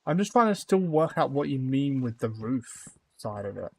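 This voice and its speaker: A young man chats loosely with his viewers while he builds in a game on a live stream. He rambles, trails off and restarts often, with an everyday pitch that sits in the middle for a man. His talk stays relaxed and informal throughout. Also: moderate pace, gravelly, breathy edge. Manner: rambling, lots of fillers, talks to chat. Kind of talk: casual live-stream chat.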